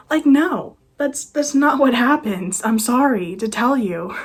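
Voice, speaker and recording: A woman's voice: on the high side, animated, a little slow, hardly any pauses, faint music behind. A nineteen-year-old woman ranting casually to camera, sarcastic and exasperated. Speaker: vlogger. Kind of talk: casual rant.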